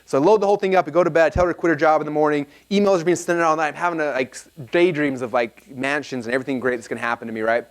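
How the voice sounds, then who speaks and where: A man presenting a seminar to a live audience, telling a story in an energetic, casual way with lots of "like" fillers. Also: fairly high pitch, very fast, hardly any pauses.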